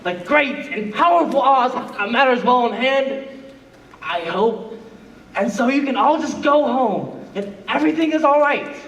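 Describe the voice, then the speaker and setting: A man's voice: very high-pitched, expressive, measured pace, fairly bright tone, muffled recording, exaggerated voice. A man playing a fussy, blustering palace doorkeeper in a live stage musical. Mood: bossy. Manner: bossy, blustering stage delivery. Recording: echoey live stage, distant from mic.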